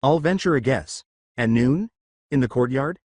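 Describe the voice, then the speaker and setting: A man's voice: mid-range voice, expressive, moderate pace, darkish tone, no echo, lightly acted. A man voicing a folksy cowboy gunslinger teacher who speaks in a challenging, playful way.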